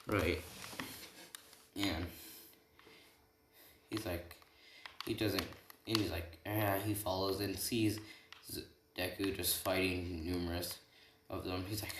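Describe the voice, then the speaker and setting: A man's voice: low-pitched, slow pace, pauses often. A man casually telling a made-up fan story, rambling and retelling the dialogue with lots of "he's like" and "right?". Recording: echoey room with keyboard typing noise.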